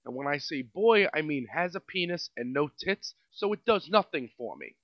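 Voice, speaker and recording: Podcast host, New York man, comic rant, high voice swinging all over, sarcastic, dull dry lo-fi sound. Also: animated, moderate pace, no echo. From Staten Island, New York. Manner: sarcastic, mocking, swings between loud and muttered. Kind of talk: comedic rant monologue.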